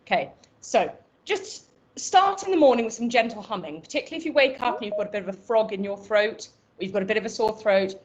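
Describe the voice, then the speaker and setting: A woman with an Irish accent teaching an online voice class, explaining and demonstrating breathing and pitch exercises. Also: animated, fast. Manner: instructive, demonstrates vocal exercises. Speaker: voice coach.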